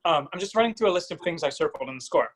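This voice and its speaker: A man's voice: on the high side, lively intonation, very fast, fairly bright tone, poor audio. A man giving a singer vocal coaching feedback over a video call, singing short phrases to demonstrate.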